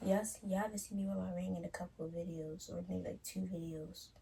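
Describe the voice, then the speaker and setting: A woman's voice: fairly low pitch, steady tone, fairly quick, creaky, dark tone, a little hiss or hum. A woman co-hosting a couples vlog in casual chat, giggly and drawling, talking to her viewers as y'all. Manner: giggly, keeps breaking into laughter. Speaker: vlog co-host.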